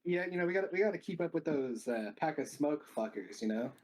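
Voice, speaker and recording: A man's voice: a little high, animated, quick pace, a loud crowd. A man being interviewed after a match, laid-back and joking, who fills his talk with easy fillers and the odd swear word. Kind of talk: casual post-match interview.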